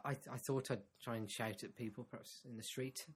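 A man's voice: mid-range voice, fairly even intonation, a little fast, husky. A man co-hosting a casual comedy podcast in a studio, playful and self-deprecating, sometimes putting on silly voices. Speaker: podcast co-host. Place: studio, standing.

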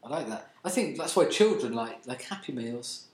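A man chatting on a podcast, offering dry, offbeat musings that often trail off quietly. His voice sits at a middle pitch, and the room adds a clear echo. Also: animated, moderate pace. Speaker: podcast co-host. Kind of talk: casual chat. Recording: roomy echoey sound.

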